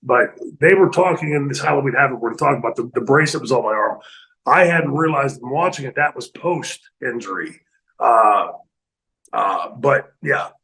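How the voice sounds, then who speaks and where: Gravelly man telling animated stories. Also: medium pitch, normal speed, rough recording. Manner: animated, acts out other people's lines, laughs often. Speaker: retired pro wrestler guest telling stories. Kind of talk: casual storytelling in a podcast interview. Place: studio.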